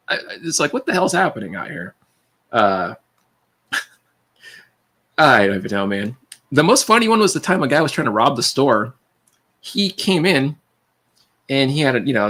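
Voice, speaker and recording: A man hosting a livestream, rambling through animated anecdotes and quoting people in his stories. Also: medium pitch, breathy edge. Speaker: livestream host. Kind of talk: casual storytelling chat.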